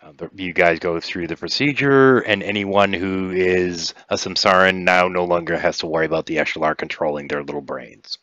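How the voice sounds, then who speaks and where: A man narrating as game master in a tabletop role-playing game, pausing and restarting often. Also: low-pitched, fairly even intonation, pushed and bright, dry recording. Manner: hesitant, many restarts. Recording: dull lo-fi dry sound.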